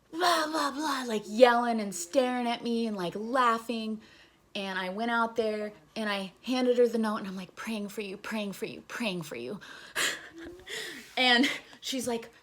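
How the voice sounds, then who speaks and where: A woman's voice: medium pitch, a bit bright. A young woman casually telling a story on her vlog, candid and profane, retelling events with animation. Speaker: vlogger.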